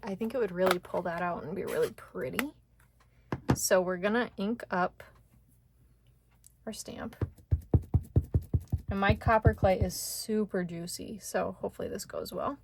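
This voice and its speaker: A woman talks through a card-making tutorial in a chatty, excitable way, narrating every little step as she thinks aloud. Her pitch sits in a middle range. There is a faint hiss of noise behind her. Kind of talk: casual craft tutorial chat.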